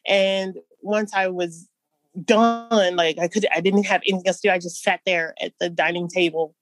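A woman telling personal stories in an interview, halting and restarting, with soft nervous laughs. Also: fairly low pitch, no echo. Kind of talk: personal storytelling.

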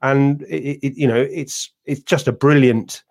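A man telling stories on a cricket podcast, voice sitting at an ordinary middle pitch. He talks casually and loosely, restarting sentences and drifting into asides. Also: fairly even intonation, measured pace, darkish tone. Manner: rambling, with many restarts and asides. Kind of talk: casual anecdotal chat.

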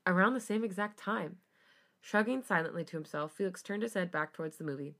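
Young woman reading fanfic out loud, casual podcast host, stops for asides. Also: fairly low pitch, fairly quick.

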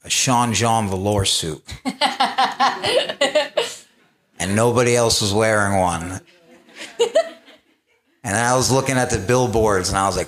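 A man's voice: on the low side, unhurried, long pauses, fairly bright tone. A man speaking as a guest on a live panel, telling his own story candidly, with laughter and quoted asides.

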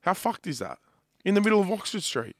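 A young man in his twenties with an Australian accent, co-hosting a podcast and telling a sweary, animated story in casual chat. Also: sits high, brisk, no echo, clean studio sound. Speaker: podcast co-host.

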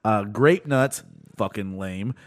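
A man's voice: on the low side, slow pace. A man co-hosting a podcast, chatting casually and joking with crude humor while reading out a list. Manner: animated, jokey, profane, reads out lists. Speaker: podcast co-host. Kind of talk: casual chat.

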